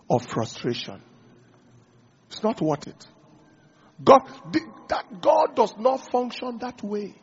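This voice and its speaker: A man's voice: high voice, creaky, slightly rough, muffled recording. A man preaching a sermon as pastor, calling out to the congregation.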